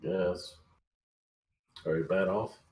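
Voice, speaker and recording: A man chatting casually as a tabletop game player, thinking out loud and asking questions. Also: low voice, fairly even intonation, slow pace, a little hiss or hum. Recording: echoey room.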